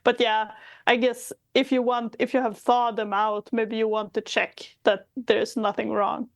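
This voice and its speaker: A woman's voice: a little high, flat delivery, unhurried, creaky, no echo. A woman from Sweden chatting thoughtfully as a podcast co-host, laughing often. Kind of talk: casual chat.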